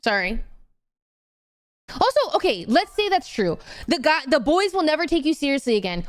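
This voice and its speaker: A young woman streaming and chatting casually, animated and swearing freely as she gets heated. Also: sits high, normal speed, pauses often. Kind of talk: casual chat.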